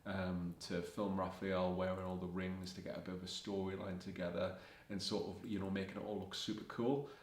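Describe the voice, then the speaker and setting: A young man rambles through a travel story in a low, level voice with little rise and fall. He is a fashion vlogger, chatting casually and quoting what people said. The room around him rings with echo. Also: flat delivery, brisk. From Scotland. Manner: rambling anecdotes, quoting himself and others. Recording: echoey room.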